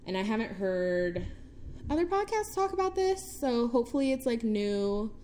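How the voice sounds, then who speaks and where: A woman's voice: fairly high pitch, big pitch swings, moderate pace, dark tone, a little hiss or hum. A young woman co-hosting a casual podcast, chatty, laughing often and filling her sentences with ums and likes. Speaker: podcast co-host, case presenter.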